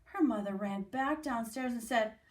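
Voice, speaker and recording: A woman's voice: on the high side, normal speed. A woman teacher reading a picture book aloud to young children, with small voices for the characters. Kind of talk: storybook read-aloud for children.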